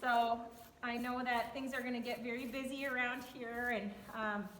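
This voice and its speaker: A woman vlogging about her horse in a casual, excited way, with plenty of fillers, speaking at a barn while grooming her mare. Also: fairly high pitch, normal speed, a little hiss or hum. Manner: excited and chatty, many fillers. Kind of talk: casual vlog chat. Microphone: handheld camera.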